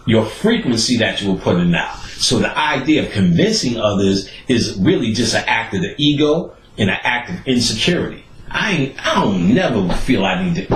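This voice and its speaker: A man hosting a podcast, telling stories in a profane, animated way and acting out the people he quotes. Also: lowish voice, reverberant, a little hiss or hum, rough recording. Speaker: podcast host. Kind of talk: casual storytelling monologue.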